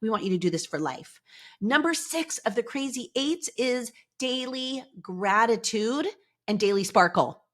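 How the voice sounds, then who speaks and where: A middle-aged woman hosting a podcast in an upbeat, motivational way, chatty and animated, often saying "like" and "y'all". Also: on the high side, a little slow. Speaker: podcast host.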